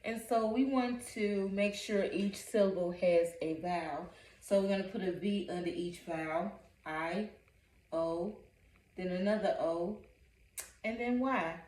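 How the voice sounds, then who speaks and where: A woman's voice: mid-range voice, a little slow, a little mellow. A woman working as a reading coach, giving a phonics lesson in a patient manner and repeating each word syllable by syllable. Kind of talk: phonics lesson, sounding out words. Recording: echoey room, voice from a distance.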